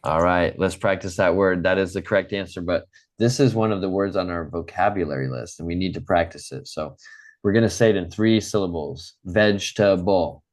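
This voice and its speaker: Teaching an online English class, a man with a very low voice is patient and encouraging. He pronounces each word slowly and clearly so students can repeat it, like a teacher accustomed to vocabulary drills.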